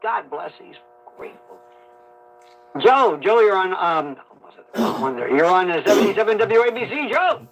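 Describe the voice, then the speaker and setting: A man hosting a call-in radio talk show, fast and jokey, telling rambling stories over an AM broadcast. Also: high voice, lively intonation, fairly bright tone. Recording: AM radio broadcast, slightly muffled.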